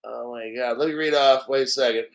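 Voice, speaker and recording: This streamer's gravelly, mid-range voice holds a steady tone and runs a little fast as he rants live in disbelief. He swears and laughs frequently throughout the commentary.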